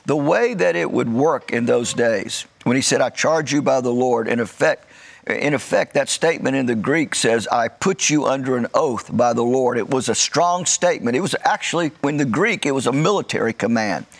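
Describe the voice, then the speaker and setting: Male pastor, gravelly voice, middle pitch. Preaches in a measured way and leans on key words. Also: expressive. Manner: light joking asides. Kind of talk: sermon.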